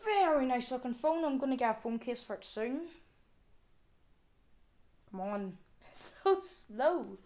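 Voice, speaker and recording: A woman's voice: fairly high pitch, lively intonation, unhurried, long pauses, a little mellow. A woman vlogger chatting casually to her viewers, exclaiming and thinking aloud as she goes. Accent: non-American, with regional word "wee". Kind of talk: casual unboxing chat to viewers.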